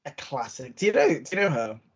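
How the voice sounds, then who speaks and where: A man's voice: medium pitch, huge pitch swings, fairly quick, highs cut off. A man co-hosting a podcast, chatting casually and acting out quotes as he tells a story. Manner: chatty storytelling, acts out quotes, laughs often. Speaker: podcast co-host. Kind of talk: casual chat.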